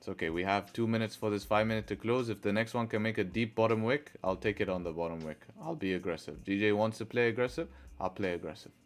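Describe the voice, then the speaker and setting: A man's voice: lowish voice, fast talker, few pauses, soft background music. A man livestreaming his trading, thinking aloud, answering chat and groaning when trades go against him. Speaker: trading live-streamer. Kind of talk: casual live-stream commentary.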